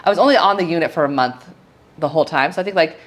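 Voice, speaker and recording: A woman in her thirties, a nurse telling her story in a casual interview, lively and quoting other people as she goes. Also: low voice, rapid-fire. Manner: animated, quotes others in her retelling.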